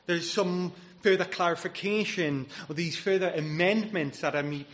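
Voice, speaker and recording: A man's voice: sits high, moderate pace, a bit bright. A man preaching a sermon as pastor, earnest and emphatic, citing scripture as he goes.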